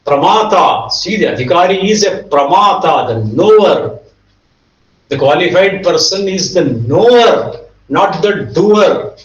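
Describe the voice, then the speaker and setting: A man teaching a Vedanta class, explaining concepts and rapidly chanting Sanskrit verses. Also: high voice, animated, reverberant, distant mic, muffled recording.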